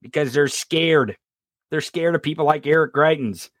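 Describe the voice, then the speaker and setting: A man's voice: a little high, moderate pace, no room sound, studio quality. Fired-up man ranting on politics. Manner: impassioned, profane ranting; sarcastic. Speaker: podcast co-host. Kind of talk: political commentary podcast.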